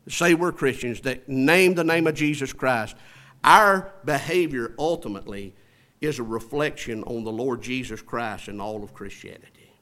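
Southern preacher, bright and high. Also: male voice. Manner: call-and-response preaching, asks for amens; swells loud and slows for emphasis, drops low and soft after. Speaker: pastor. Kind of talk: sermon.

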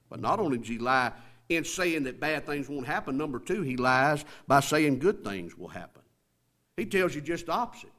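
A man preaching a sermon, asking the congregation rhetorical questions, reading scripture aloud and building up to loud, emphatic passages. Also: medium pitch, animated, moderate pace. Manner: reads scripture aloud in King James wording.

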